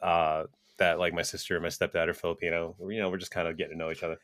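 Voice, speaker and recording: A man's voice: deep voice, level tone, racing, a bit bright, no echo. A young man co-hosting a podcast, telling stories in a loose, rambling way, swearing and laughing often. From Japanese-American. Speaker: podcast co-host. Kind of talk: casual chat, storytelling.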